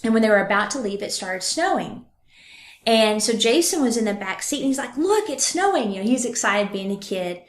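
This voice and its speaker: A woman hosting a true crime podcast, retelling a case with lively acted-out quotes. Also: mid-range voice, fairly quick, roomy sound. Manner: animated, acts out quotes. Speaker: podcast host.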